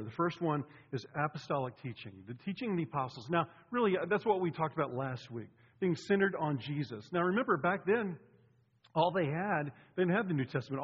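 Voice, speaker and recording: Husky-voiced pastor in a reverberant hall. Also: male voice, on the high side, lively intonation, a little fast. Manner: conversational, with asides to the congregation. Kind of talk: sermon. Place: church sanctuary. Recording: lo-fi recording with long hall reverb.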